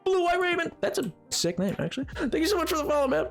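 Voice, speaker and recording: Hoarse, animated young man streaming. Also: extremely high pitch, faint music behind. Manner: animated, self-mocking, quick to laugh. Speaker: livestreamer. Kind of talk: casual gaming livestream chat.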